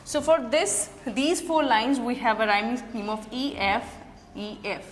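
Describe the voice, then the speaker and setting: Woman, poetry lecture, slow and deliberate, echoey hall. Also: on the high side, slight background noise. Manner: slow, explanatory, reads quoted lines deliberately. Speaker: literature teacher. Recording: echoey room with long reverb.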